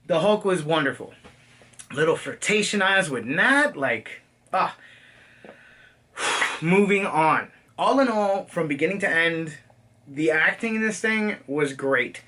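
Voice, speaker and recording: A man's voice: high-pitched, bright, forceful tone, recorded from a distance. A man giving a casual, profane movie reaction, talking animatedly and acting out lines in silly voices. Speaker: movie reviewer.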